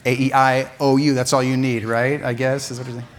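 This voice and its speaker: A man preaching, telling a funny childhood story with lively asides and laughter. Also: mid-range voice, brisk. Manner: animated, laughing at his own story. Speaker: pastor. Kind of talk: sermon storytelling. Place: church sanctuary.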